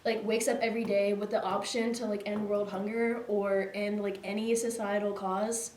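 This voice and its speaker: Recorded in an echoey room with a distant mic, this young co-host of a casual chat show rambles through lots of fillers and laughs readily. Her mid-range voice is darkish, with little pitch movement and normal speed, over slight background noise.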